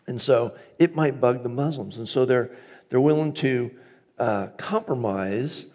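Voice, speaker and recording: A man's voice: medium pitch, a little slow, darkish tone. A man preaching a conversational, storytelling sermon as pastor, acting out his own inner dialogue.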